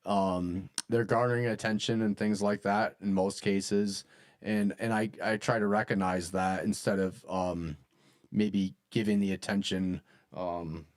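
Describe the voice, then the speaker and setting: A man on a livestream thanking chatters and calmly giving advice about online behavior. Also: deep voice. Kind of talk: casual livestream commentary.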